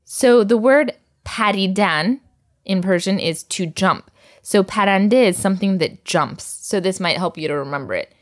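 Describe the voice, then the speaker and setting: A woman's voice: mid-range voice, animated, normal speed. A woman teaching a recorded language lesson, patiently drilling words and laughing often.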